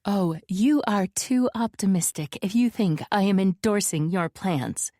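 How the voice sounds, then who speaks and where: A woman voicing a defiant, sharp-tongued young woman in an audiobook scene, answering back with cutting retorts. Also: mid-range voice, a little slow, no room sound, studio quality, voice pushed up, natural voice.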